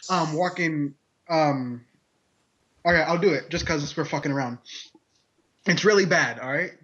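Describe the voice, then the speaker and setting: A man's voice: a little high, unhurried, fairly bright tone. A man on a casual group podcast, joking loosely and swearing freely. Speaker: podcast co-host. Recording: dull lo-fi podcast audio.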